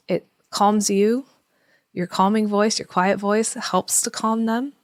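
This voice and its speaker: A woman in her thirties, a parenting educator, explaining in a relaxed podcast conversation and acting out calm, soothing talk to a child. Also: mid-range voice, slow, no echo, clean studio sound. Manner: acts out parent-child dialogues in a gentle soothing voice.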